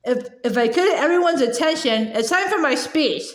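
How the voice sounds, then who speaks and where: A woman voicing a proud, touchy gentleman ghost who speaks stiffly. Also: sits high, animated, fairly quick, roomy sound.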